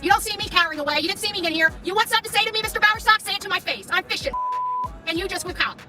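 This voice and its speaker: A woman's voice: very high-pitched, rapid-fire, distant mic, over loud music. A woman live-streaming from her car, heatedly confronting and taunting someone, with a repetitive, combative way of talking. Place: in a car in traffic.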